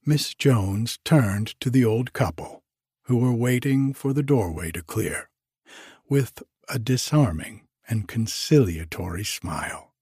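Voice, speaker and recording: A man narrating an audiobook in a measured, even way. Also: medium pitch, husky, dry recording, studio quality.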